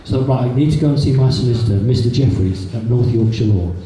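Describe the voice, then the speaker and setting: Guest speaker, man, dark mellow voice, echoey hall with faint hiss. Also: mid-range voice, fast talker, recorded from a distance. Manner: chatty anecdotal storytelling with repeats. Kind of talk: public talk to a live audience. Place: meeting hall. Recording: echoey hall from a room recorder, faint noise.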